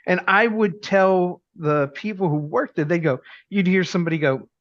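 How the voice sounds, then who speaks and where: A middle-aged man chatting on a podcast, telling lively anecdotes and acting out the dialogue of the people in them. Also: high-pitched, normal speed, no echo, lo-fi sound. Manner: lively anecdotal storyteller who acts out dialogue. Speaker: podcast co-host. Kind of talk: casual chat.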